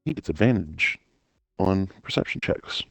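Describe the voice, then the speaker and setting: A man's voice: sits low, expressive, moderate pace, creaky, husky, no echo. A young man joking around in slang as a player in a tabletop game.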